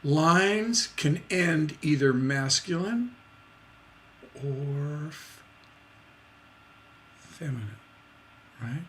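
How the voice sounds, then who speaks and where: On a livestream, a man teaches songwriting in a somewhat high, expressive, slightly bright voice, stretching out his words and leaving long pauses. He chats casually, full of fillers and restarts, and demonstrates rhythms by singing beat sounds. There's slight background noise.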